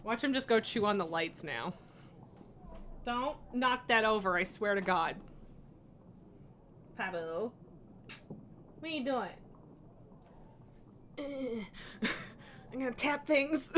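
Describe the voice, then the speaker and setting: A woman's voice: fairly high pitch, a bit bright, a little hiss or hum. A woman streaming live, chatting casually and cooing in baby talk at her pet between laughs.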